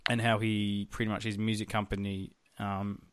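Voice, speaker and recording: A man's voice: on the low side, level tone, moderate pace, clear, resonant tone, no room sound. A man co-hosting a podcast, recapping a TV episode in rambling casual chat, swearing freely. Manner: rambling and profane, with filler words. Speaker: podcast co-host.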